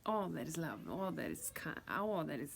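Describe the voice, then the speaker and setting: A woman's voice: low-pitched, sing-song, moderate pace, gravelly, a little hiss or hum. A woman vlogger telling a personal spiritual story, intense and profane, often dropping into a whisper and repeating herself. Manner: many restarts and repeated words.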